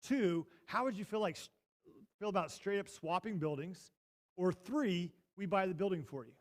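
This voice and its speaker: A pastor with a high-pitched voice preaches his sermon as a story. He talks in an animated way, rising to loud bursts and then dropping to quiet asides. He speaks from a church sanctuary. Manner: animated, swings from loud to hushed.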